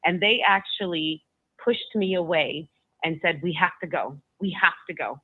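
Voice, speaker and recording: Halting woman on a tinny phone line. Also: lowish voice, slightly rough, no echo. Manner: halting, with frequent restarts and repeated words. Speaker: guest recounting a personal story. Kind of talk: emotional first-person storytelling.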